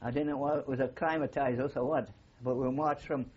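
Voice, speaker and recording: The recording cuts off the highs as an older Geordie war veteran talks quickly, his medium-pitched voice breathy and fairly even in intonation. He tells anecdotes in a rambling way, with frequent fillers, during an oral history interview.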